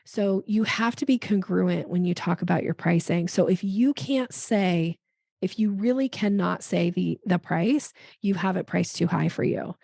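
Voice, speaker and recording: A woman guest on a podcast explaining sales tactics in a chatty, animated way, acting out little bits of dialogue. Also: lowish voice, gravelly, dry recording, studio quality. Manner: animated, acts out dialogue in quick voices. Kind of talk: conversational interview.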